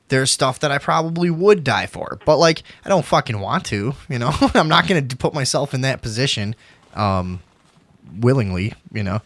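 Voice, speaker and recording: A man's voice: medium pitch, fairly bright tone, no room sound. Young male talk host, casual and profane, emphatic rambling delivery, dry sound. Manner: rambling, emphatic, swears a lot.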